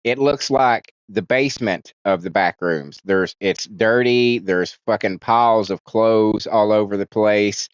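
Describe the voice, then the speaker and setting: A man's voice: fairly low pitch, measured pace, hardly any pauses, clean tone, no room sound. A man casually recapping a movie's plot as a reviewer, rambling and swearing, restarting sentences and acting out characters' lines in livelier voices. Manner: profane, rambling, frequent restarts, animated voices for quotes.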